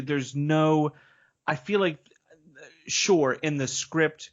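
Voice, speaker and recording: A man's voice: a little high, slow, lo-fi sound. A man appearing as a guest on a film podcast, chatty and opinionated, talking in a loose, slangy way. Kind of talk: casual film-review chat.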